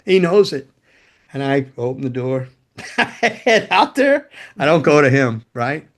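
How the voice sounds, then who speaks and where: A man's voice: mid-range voice, big pitch swings, measured pace, fairly bright tone. A man telling casual stories as a guest, a former guitar tech and roadie who swears freely, laughs as he goes, and acts out other people's lines. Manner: loose and profane, laughs mid-story, acts out quotes. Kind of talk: casual anecdotal storytelling.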